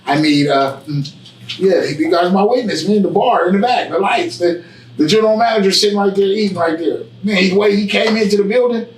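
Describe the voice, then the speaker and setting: A man telling his story in a casual interview, with preachy, animated storytelling and street slang. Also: high-pitched, a little fast, roomy sound, far from the mic, poor audio. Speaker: guest, barbershop owner. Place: barbershop.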